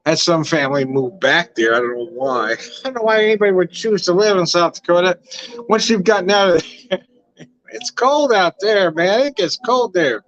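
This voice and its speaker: Older man, laid-back rambling livestream host, slightly high voice, dull webcam recording. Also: normal speed, a bit bright, no echo. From Southern California. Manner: rambling, laughs often, swears casually. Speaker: wine vlogger. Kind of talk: casual livestream chat. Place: home room.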